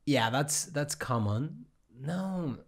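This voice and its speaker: A man's voice: a little high, animated, slow pace, vocal fry. A man in a casual podcast chat who teases his friends and laughs often.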